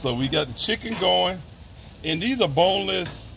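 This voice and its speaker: A fairly high, gravelly male voice with lots of swing in it, chatting casually as he grills outdoors. He explains each step in a relaxed, talkative way. The recording has clear background noise. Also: moderate pace. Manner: easygoing, chatty, explains as he cooks. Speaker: grill chef and show host. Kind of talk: casual cooking livestream chat.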